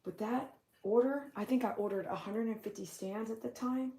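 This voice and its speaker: A woman's voice: normal speed, breathy edge. Chatty woman on a patio livestream. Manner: chatty, storytelling, lots of "like" fillers; loud, excited, high-pitched when calling to her dogs. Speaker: dog groomer and small business owner. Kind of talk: casual livestream chat. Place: home patio.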